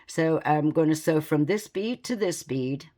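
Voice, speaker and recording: A woman giving a calm, methodical beading tutorial, counting beads aloud as she works step by step. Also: low voice, unhurried. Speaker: beading instructor.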